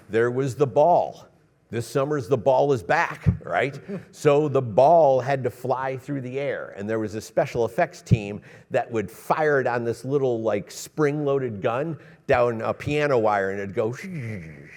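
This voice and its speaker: Middle-aged man, cinematographer, animated storyteller, reverberant expo hall. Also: mid-range voice, unhurried. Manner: animated storyteller, acts out quotes, laughs often. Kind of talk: storytelling on a panel. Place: stage at a trade expo.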